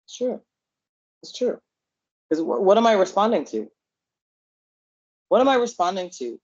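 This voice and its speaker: A man's voice: sits high, big pitch swings, normal speed, darkish tone, husky, dry recording, lo-fi sound. A man with a Canadian accent co-hosting a podcast, speaking earnestly and repeating his points for emphasis. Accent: Canadian English. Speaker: podcast co-host. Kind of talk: casual podcast chat.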